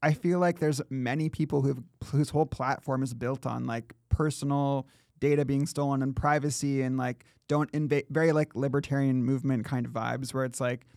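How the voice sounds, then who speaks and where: A man's voice: medium pitch, steady tone, normal speed, a little mellow, no room sound, studio quality. Rambling, casual podcast co-host, a man. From Canada. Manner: rambling, laughs often, lots of "like". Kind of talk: casual chat.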